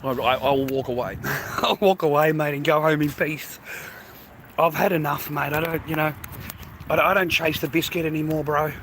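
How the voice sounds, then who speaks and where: An older Australian man talks straight into a handheld phone on a busy street. His slightly raised voice rambles on bluntly, full of swearing and slang. The stream carries clear traffic noise behind him. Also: fairly high pitch, steady tone, normal speed, fairly bright tone. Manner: blunt, profane, peppers talk with "mate" and "bro". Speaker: livestreamer. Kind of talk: casual street livestream rant. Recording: noisy outdoor phone stream.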